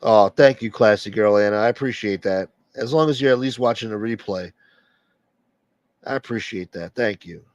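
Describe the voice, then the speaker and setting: A man's voice: fairly low pitch, moderate pace, no echo, muffled recording. A man hosting a late-night livestream and rambling bluntly through strong opinions in casual chat. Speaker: livestream host.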